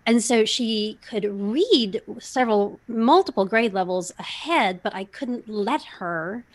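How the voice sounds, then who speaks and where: A middle-aged woman hosting a casual interview, asking thoughtful, measured questions. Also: mid-range voice, animated. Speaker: podcast host.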